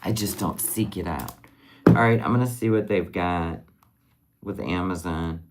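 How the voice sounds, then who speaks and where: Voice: deep voice, unhurried, very noisy. A live-streamer chatting casually while finishing crafts, rambling and answering viewer comments as they come in. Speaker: livestream crafter.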